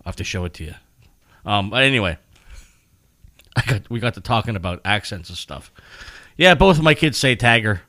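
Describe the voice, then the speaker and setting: Dude, swears a ton, bright voice that goes all over the place. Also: male voice, fairly low pitch, brisk, long pauses. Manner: swears freely, animated storytelling. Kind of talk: casual banter.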